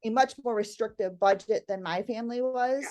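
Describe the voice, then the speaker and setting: A middle-aged woman with a fairly high voice tells a family story as a guest. She speaks in a lively, animated way, laughing often and acting out the voices of her kids and husband. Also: a little fast. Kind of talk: casual storytelling interview.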